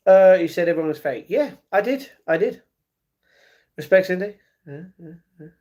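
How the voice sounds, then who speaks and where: A man live-streaming who reads his viewers' chat aloud and argues back, with excited reactions to a fight he is watching. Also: sits high, normal speed, lo-fi sound. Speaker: livestreamer. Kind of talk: casual livestream chat.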